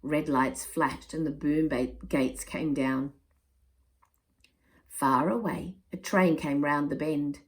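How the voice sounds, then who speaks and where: Slow, low-voiced woman reading a picture book. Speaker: storyteller.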